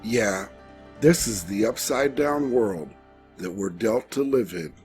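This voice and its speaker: A man hosting and narrating his own show, delivering sarcastic political commentary with mocking rhetorical questions. He swings between loud outbursts and low asides. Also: expressive, slow pace, faint music behind.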